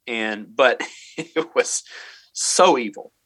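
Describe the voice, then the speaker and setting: This guest on a podcast, a middle school math teacher, recounts a story sincerely, his bright voice mid-range and a bit husky. His delivery stumbles along with frequent fillers and false starts, and there's no echo.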